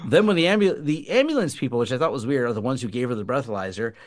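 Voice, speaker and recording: A man co-hosting a tech podcast, telling a funny story in a casual, animated way and laughing as he goes. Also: medium pitch, rapid-fire. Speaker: podcast co-host.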